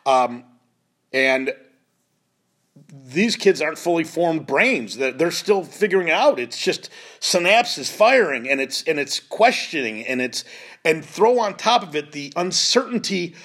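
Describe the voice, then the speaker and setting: A man's voice: fairly high pitch, animated, measured pace, a bit bright. A middle-aged man hosting a lacrosse show, speaking in an earnest, pleading monologue and often repeating himself. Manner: pleading, emotional, repeats phrases and restarts.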